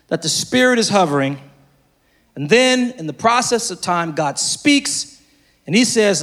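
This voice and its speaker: A man preaching a sermon to a congregation, swinging between loud shouted lines and quiet asides, and repeating phrases for emphasis. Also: fairly high pitch, lively intonation, moderate pace. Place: church service before a congregation.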